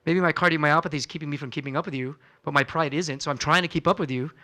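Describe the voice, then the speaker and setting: A man's voice: a little high, racing, pushed and bright. A man, a physician, giving a conversational health lecture in a church hall, quizzing the audience and acting out talks with patients. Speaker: physician presenting a wellness seminar.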